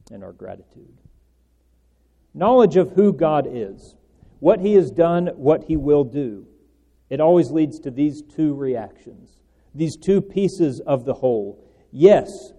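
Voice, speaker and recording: A man preaching an earnest sermon, pressing certain words and letting his phrase endings trail off softly. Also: mid-range voice. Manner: earnest, rising and falling emphasis with soft trailing endings. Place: church hall. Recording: long church reverb.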